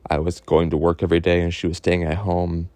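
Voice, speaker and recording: A man telling a personal story in a halting, earnest way, full of fillers and restarts, openly emotional. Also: low voice, flat delivery, dark tone, dry recording.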